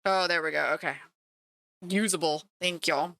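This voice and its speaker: A woman chats to her stream while she paints, joking at her own expense. Her voice is bright and forward. The sound is dry and close, with no room echo. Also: fairly low pitch, fairly even intonation, moderate pace, vocal fry. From Canada. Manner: chatty and self-mocking, talking to chat while working. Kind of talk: casual livestream chat.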